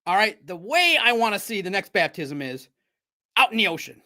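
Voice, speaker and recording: Animated high-voiced man talking sports. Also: moderate pace. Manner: animated, jokey riffs with sudden loud bursts. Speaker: sports show host. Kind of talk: casual sports commentary.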